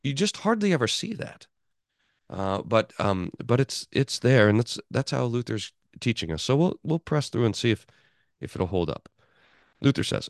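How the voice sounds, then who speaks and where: A male pastor teaching a Bible class in an animated way, often restarting his sentences and chuckling. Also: mid-range voice, a little slow, no room sound, studio quality. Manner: animated, chuckling, self-interrupting.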